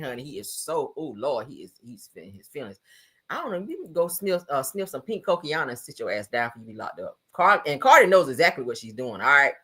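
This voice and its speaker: Sassy woman gossip host, bright sharp voice, pitch jumps all over, laughing loud. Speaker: commentary channel host. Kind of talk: casual gossip commentary.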